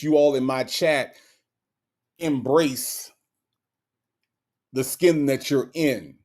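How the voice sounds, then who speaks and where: A man from Florida, hosting a casual livestream, talking to his chat and reading their messages aloud with animated repeated restarts. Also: medium pitch. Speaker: livestream host.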